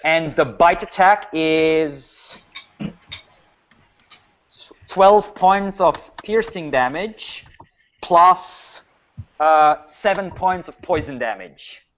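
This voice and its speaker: A man's voice: fairly high pitch, extremely slow, pauses often, a bit bright. A man running a tabletop game as game master, narrating attacks and explaining rules firmly, with frequent restarts. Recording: muffled lo-fi recording.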